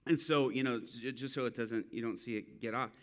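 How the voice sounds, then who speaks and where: In this sermon, a mid-range male voice tells a story from street ministry, speaking a little fast. He's an animated storyteller, acting out the quotes of the people involved.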